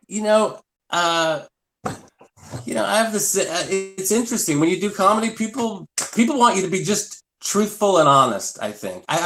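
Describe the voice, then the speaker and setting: Male comic guest, raised pitch, loose and self-deprecating storyteller. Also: a bit bright. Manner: rambling, self-deprecating storytelling with scat vocal bits. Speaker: comedian guest. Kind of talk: casual live-stream chat.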